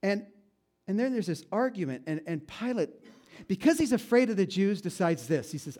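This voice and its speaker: Pastor, male, a touch higher-pitched, dramatic storyteller, talks to his listeners casually, drops to near-hushed delivery for weight. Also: big pitch swings, moderate pace. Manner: dramatic retelling, dropping to hushed tones; conversational, with fillers and asides to listeners. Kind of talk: storytelling sermon.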